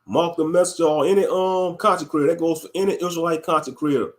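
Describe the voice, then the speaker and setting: A high-voiced man rants bluntly into his channel's commentary. He talks heatedly and keeps coming back to catchphrases. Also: fairly even intonation, fast talker. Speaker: YouTube commentator. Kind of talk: ranting commentary.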